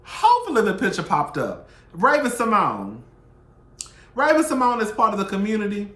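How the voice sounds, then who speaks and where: Brief: male gossip vlogger, sassy and animated, slightly high voice, roomy echo. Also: fairly quick. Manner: sassy, animated, profane, swings loud and soft. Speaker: YouTube commentary host. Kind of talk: casual celebrity gossip commentary.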